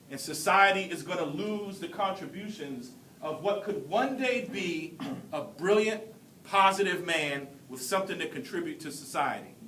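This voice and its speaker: A high-voiced man in his forties from Brooklyn delivers a keynote address, telling his story earnestly with deliberate pauses. He stands well back from the mic in a large, echoing hall. A faint rumble hums underneath. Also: a bit bright, distant mic. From Brooklyn, New York. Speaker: keynote speaker. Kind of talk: motivational speech.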